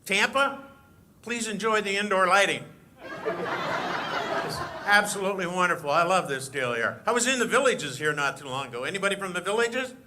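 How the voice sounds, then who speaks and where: A brash older insult comic fires punchy jabs at the crowd in a fairly high voice with a piercing, sharp edge, as a man puts him on. It is a stand-up impression, with faint noise behind it. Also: lively intonation, normal speed, pauses often. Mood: needling.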